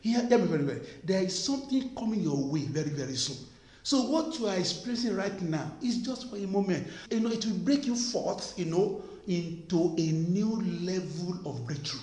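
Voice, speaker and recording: Emphatic high-voiced male preacher. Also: expressive, normal speed, darkish tone. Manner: emphatic, repetitive, rhetorical questions. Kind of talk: sermon. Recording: echoey room.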